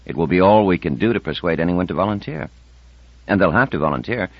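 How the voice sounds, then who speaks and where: A man's voice: deep voice, animated, fast talker, husky, no room sound, full character voice. A man reading an audiobook, voicing a confident, persuasive woman scientist in her fifties. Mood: determined. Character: confident, determined woman scientist over fifty. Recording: dull dry audiobook recording.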